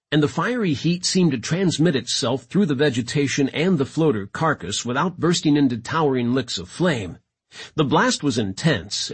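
A man narrating a science fiction audiobook with a strongly husky, raspy voice. His delivery swoops up and down with lively intonation, dramatic and expressive throughout, at a middle pitch. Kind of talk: scripted narration.

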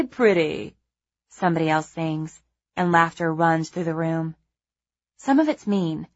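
Lowish-voiced woman narrating an audiobook. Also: dull audio. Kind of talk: first-person audiobook narration.

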